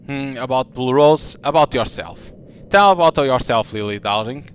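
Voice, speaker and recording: A man's voice: mid-range voice, lively intonation, moderate pace, a little hiss or hum. A man reading a game's story aloud and adding casual, conversational commentary between scenes. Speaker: gaming channel host.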